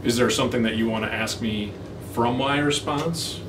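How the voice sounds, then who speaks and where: A man's voice: mid-range voice, moderate pace. A man chatting casually as an interview guest between takes, easygoing and teasing. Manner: easygoing, teasing, talks things through. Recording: echoey room, far from mic, steady background noise.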